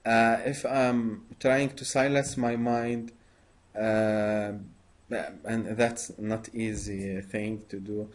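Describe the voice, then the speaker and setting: Male interviewer, very slow and halting, lots of "uh". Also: on the low side, level tone. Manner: halting, many pauses and fillers. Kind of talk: conversational interview.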